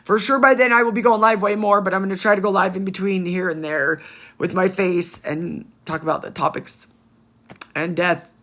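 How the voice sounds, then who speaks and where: A woman's voice: medium pitch, fairly even intonation, normal speed, a bit bright. A woman on a phone livestream, greeting viewers by name in an affectionate, chatty, rambling way. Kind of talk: casual livestream shout-outs.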